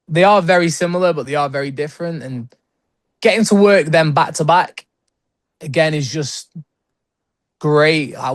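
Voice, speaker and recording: Chatty young British man, fairly high. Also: no echo. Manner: rambling, heavy use of "like", quick laughs. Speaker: guest wrestler. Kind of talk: casual interview chat.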